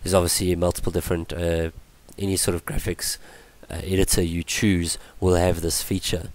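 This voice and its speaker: A man explaining web page coding in a screen-recorded tutorial, his voice worn from illness, halting with many ums and restarts. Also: low-pitched, level tone, darkish tone. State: voice going from illness. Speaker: tutorial presenter.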